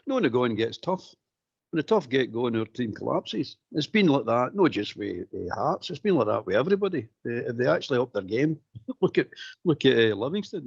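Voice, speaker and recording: A man's voice: medium pitch, vocal fry, slightly rough, no room sound. A Scottish man co-hosting a casual football phone-in, ranting emphatically and repeating his points. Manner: emphatic, repetitive ranting with mock quotes. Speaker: phone-in co-host. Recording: dull lo-fi audio.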